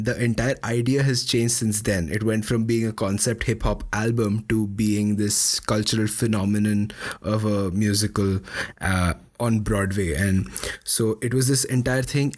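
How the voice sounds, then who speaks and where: A man in his twenties co-hosting a podcast, telling a long, meandering story in casual chat with frequent hedges along the way. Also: lowish voice. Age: 20s. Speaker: podcast co-host.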